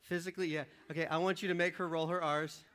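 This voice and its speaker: A man preaching as a pastor from a church stage, joking with and directing volunteers in a lively, upbeat sermon. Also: a little high, quick pace. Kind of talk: lively sermon with audience participation. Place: church stage before a congregation. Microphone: stage microphone.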